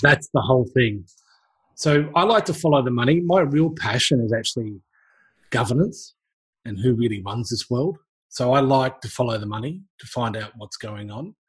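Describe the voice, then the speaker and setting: A man's voice: mid-range voice, lively intonation, normal speed. A middle-aged man, speaking as a health researcher in a panel discussion, emphatic and impassioned, his voice rising sharply when he is stirred up.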